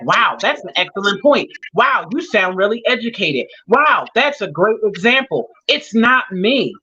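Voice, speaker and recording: Woman guest, preacher cadence, bright and forceful, repeats for emphasis; muffled lo-fi video-call audio. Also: on the high side. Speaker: guest speaker. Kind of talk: preaching-style talk in an online interview.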